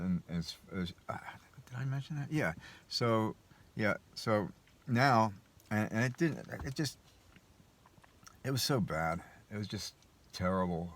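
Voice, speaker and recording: Deep voiced guy telling a story, rambly, lots of uh and restarts. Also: animated, a little slow, pauses often. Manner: rambling, hesitant with many restarts and self-deprecating laughs. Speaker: vlogger. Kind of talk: casual personal storytelling monologue.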